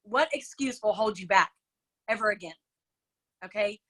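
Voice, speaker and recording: A woman's voice: mid-range voice, moderate pace, bright, forceful tone, breathy edge, rough recording. A woman hosting a motivational group video call. She talks in an effusive, emotional way and keeps calling the group "y'all".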